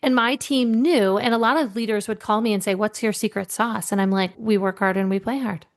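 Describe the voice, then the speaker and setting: Middle-aged woman coach, animated storyteller, acts out quotes, mid-pitched voice, podcast guest. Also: brisk. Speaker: leadership coach.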